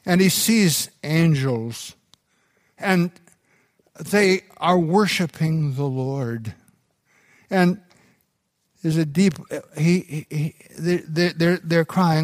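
Slow, unhurried pastor preaching a sermon. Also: male voice, a little high, no echo, studio quality. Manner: unhurried storytelling delivery with restarts.

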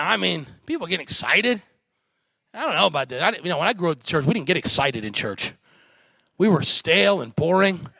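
A middle-aged man preaching a sermon as guest pastor, animated and jokey, mimicking mockers in a put-on voice. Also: fairly high pitch, creaky, dry recording, clean studio sound. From United States.

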